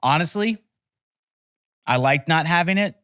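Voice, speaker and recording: A man's voice: a little high, lively intonation, measured pace, a bit bright, clean tone, no echo, studio quality. A young man telling rambling, profane stories in a casual podcast chat. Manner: rambling, profane storytelling with laughs. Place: podcast studio.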